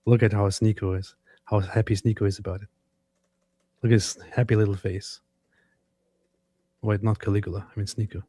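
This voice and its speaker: A man's voice: fairly low pitch, level tone, moderate pace, long pauses, warm tone, no echo. A man co-hosting a casual reaction show, talking in an emphatic, sarcastic way. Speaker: co-host.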